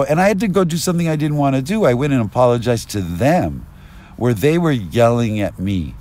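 A man rambling through an agitated street monologue, at times rising to yelling, recorded outdoors on a binaural mic. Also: mid-range voice, big pitch swings, brisk. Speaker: vlogger.

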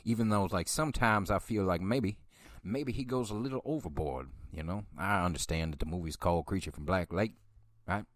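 A man's voice: deep voice, fairly quick, no echo. A man hosting a film podcast, chatting casually in a rambling, profane way and often correcting himself. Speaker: podcast host. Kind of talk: casual film review chat.

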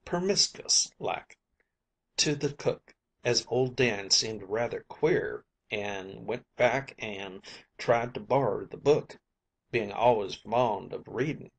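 A man reading as an old night watchman telling a sea yarn in a folksy sailor's dialect. The voice is husky and a little breathy. He takes his time and lets each phrase land. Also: lowish voice, slow pace. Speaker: audiobook narrator.

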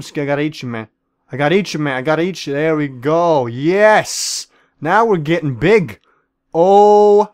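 A man with a fairly high voice rattles off excitable, profane commentary over a game. He talks straight to the other players and keeps up a goofy celebrity-chef bit. The recording is dry, with no room sound. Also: dry recording. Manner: jokingly plays a celebrity chef. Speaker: gaming video creator.

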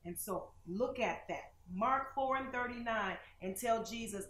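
A fairly high-voiced woman preaching with dramatic swings between loud bursts and hushed lines. She quizzes her listener as she goes. The room is echoey, with faint noise behind her. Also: a little slow. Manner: dramatic, swings loud and soft, asks questions. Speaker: minister hosting a TV broadcast. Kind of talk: preaching sermon with call-and-response.

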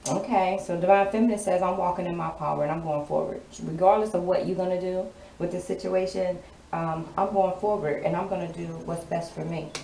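A woman's voice: on the low side, steady tone, fairly quick, warm tone. A woman giving a casual tarot reading in a sassy, emphatic way, often repeating her lines for effect. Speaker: tarot card reader. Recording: roomy, distant mic, clear background noise.

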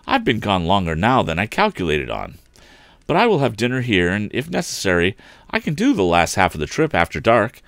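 A man reading a storybook aloud, voicing an earnest young male inventor in a raised, excited voice. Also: a little fast, vocal fry, no echo, heavily acted. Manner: excited, pitched well above the reader's own voice.

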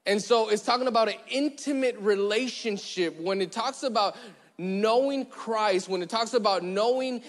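A man preaching as pastor, chatty and joking, who slows down and goes quiet to stress a point. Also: high voice. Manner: conversational, joking, acts out little scenes; slows down and drops quiet for emphasis. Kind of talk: sermon. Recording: long church hall reverb.

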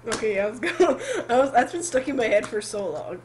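A woman giving excitable, giggly let's play commentary while gaming, shouting when thrilled. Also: a little high, a little fast, slight background noise. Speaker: gamer.

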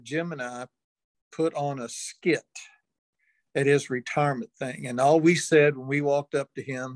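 A man's voice: medium pitch, dry recording. An older man, an interview guest, telling a long folksy anecdote and chuckling now and then. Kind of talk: storytelling in an interview.

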